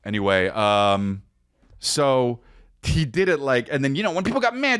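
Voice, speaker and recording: A man's voice: a little high, sing-song, moderate pace, fairly bright tone, dry recording. A man in his forties hosting a podcast, rambling through a comedic monologue and slipping into silly voices. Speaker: podcast host.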